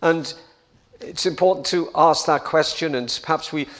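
A man preaching a sermon in a slow, deliberate way, repeating key phrases and building to emphatic passages. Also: a little high, a bit bright.

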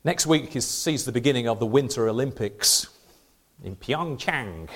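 A man's voice: medium pitch, a little fast. A middle-aged man giving a sermon in a conversational way, with rhetorical questions and frequent restarts. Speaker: preacher.

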